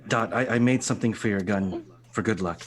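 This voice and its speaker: A man's voice: on the low side, brisk. A man playing a tabletop game, speaking both in character and about his character's actions. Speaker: player.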